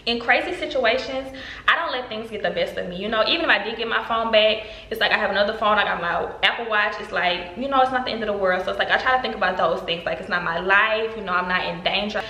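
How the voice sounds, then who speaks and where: A young adult woman telling a storytime vlog with animated energy, jumping her pitch up whenever she quotes someone. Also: fast, a little hiss or hum. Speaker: vlogger. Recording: roomy echo.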